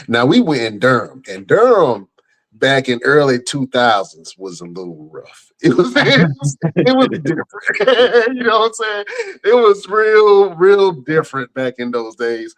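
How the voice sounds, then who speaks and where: A middle-aged podcast host, telling a story in casual chat with slangy asides. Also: male voice, fairly high pitch, big pitch swings, measured pace.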